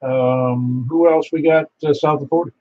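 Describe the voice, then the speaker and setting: Running a ham radio net out of Niagara Falls, New York, this man speaks with a steady tone at a moderate pace, his voice on the high side. He's chatty, tells stories, and laughs easily, all through muffled lo-fi radio sound.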